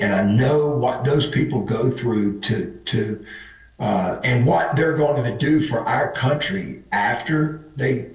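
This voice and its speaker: Guest coach, man, hoarse from the season, rambling with lots of ums, sits back from the mic. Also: on the low side, far from the mic. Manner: rambling, many fillers. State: hoarse, losing his voice. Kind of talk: casual interview chat. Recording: roomy sound from off the mic.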